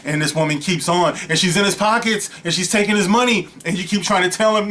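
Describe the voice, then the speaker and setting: A man with a fairly high-pitched voice delivers a loose, rambling rant straight to his audience. He talks casually, piling on asides and winding tangents as he builds his point. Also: a little fast, hardly any pauses. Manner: animated, rambling, storytelling with many asides. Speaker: vlog host.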